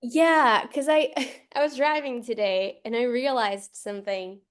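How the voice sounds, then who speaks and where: Slow, hesitant woman sharing. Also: a little high, fairly even intonation. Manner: hesitant, searching for words. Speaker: class participant. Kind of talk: sharing in a class.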